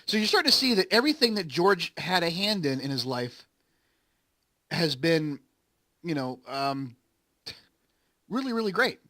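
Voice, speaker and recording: A man's voice: fairly high pitch, expressive, normal speed, pauses often, a bit bright, no room sound. A man hosting a gaming channel, casually and ramblingly retelling a story, quoting lines as he goes. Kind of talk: casual recap while playing a game.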